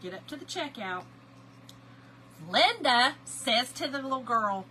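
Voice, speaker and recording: A middle-aged woman, chatting and telling animated family stories to viewers while she crafts on a livestream. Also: sits high, a little slow, long pauses, noisy background. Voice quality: lively, animated storyteller, greets chat viewers by name.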